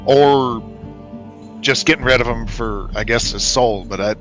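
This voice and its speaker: A man talking casually as a player in an online tabletop game, rambling with halting restarts. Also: medium pitch, a bit bright, faint music behind.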